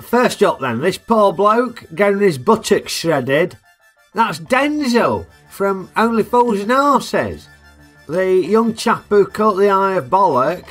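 Man, chatty joking film review, animated intonation, faint music behind. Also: sits high. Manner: chatty, jokey, asks tag questions. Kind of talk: casual film review narration.

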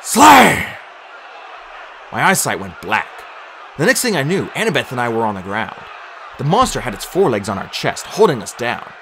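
Male audiobook reader, mid-range voice, expressive and dramatic. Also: mid-range voice, a little hiss or hum. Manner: animated, dramatic storytelling with raised voice for shouted lines. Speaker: audiobook narrator. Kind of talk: audiobook narration.

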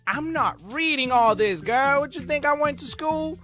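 A man's voice: very high-pitched, normal speed, pushed and bright, soft background music, voice pushed up. A man voicing a swaggering male thug persona in an old gaming video, boasting in slangy trash talk. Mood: rapping.

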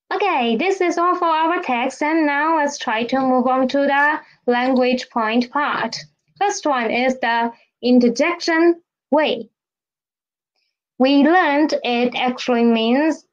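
A woman teaching a Mandarin lesson in English, explaining slowly and repeating key phrases with "okay?". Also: sits high, lo-fi sound. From Philippines. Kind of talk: language lesson.

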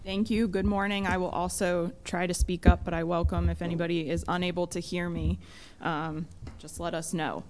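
A woman attorney with a fairly low voice addresses a zoning board. Her delivery is measured, polite and precise, in the formal register of a legal hearing. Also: level tone, a little hiss or hum. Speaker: legal counsel for the applicant. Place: public hearing room.

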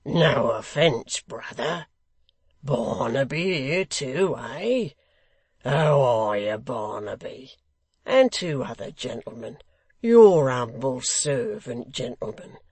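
A man voicing a shabby, wheedling hangman, drawn out and loud. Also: medium pitch, expressive, slightly rough, no room sound. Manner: ingratiating, conciliatory, louder and slower.

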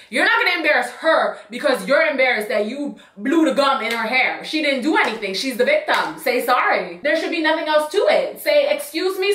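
A young woman telling a storytime on her vlog, sassy and animated, acting out what people said. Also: high voice, reverberant, distant mic. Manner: sassy, animated, acts out quotes.

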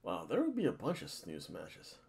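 A man's voice: low-pitched, wildly swooping pitch, moderate pace, vocal fry, darkish tone. A man hosting a casual wrestling vlog, rambling through predictions with jokey asides and playful self-hype. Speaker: wrestling vlogger.

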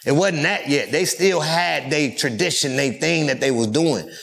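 A man's voice: on the high side, normal speed, gravelly, fairly bright tone. Loose-talking middle-aged man from California. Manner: loose, profane street talk with frequent fillers. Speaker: rapper and interview guest. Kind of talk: casual storytelling interview.

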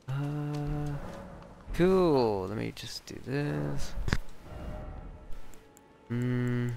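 A man giving casual, excitable let's-play commentary, swearing and exclaiming often. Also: medium pitch, slow, vocal fry, long pauses, faint music behind. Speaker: gamer.

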